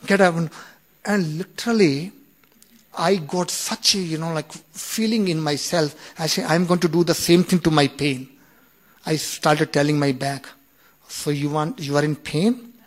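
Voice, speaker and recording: A man in his fifties shares a personal story at a relaxed storytelling pace. His voice sits a little high for a man. He stumbles and restarts often, then acts out the quoted lines with sudden bursts of force. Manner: animated retelling with acted-out quoted dialogue; halting, with many restarts and "you know". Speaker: speaker sharing a personal story.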